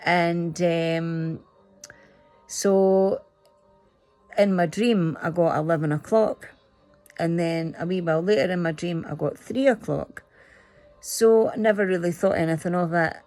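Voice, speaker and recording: A woman's voice: fairly low pitch, fairly even intonation, unhurried, long pauses, a little mellow, soft background music. A middle-aged Scottish woman chatting casually and emotionally, rambling through a personal story. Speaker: spiritual vlogger. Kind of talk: casual chat.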